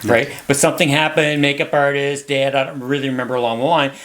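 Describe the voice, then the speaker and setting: A man's voice: medium pitch, fairly even intonation, quick pace, fairly bright tone. A man co-hosting a podcast, telling rambling stories in casual chat. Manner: chatty storyteller, rambling. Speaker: podcast co-host.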